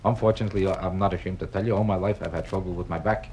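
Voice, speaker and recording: A man doing stand-up comedy on a nightclub stage, with a deadpan, kvetching, sing-song delivery. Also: sits low, very fast, poor audio. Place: nightclub stage before a live audience. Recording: 1962 live album with audience noise.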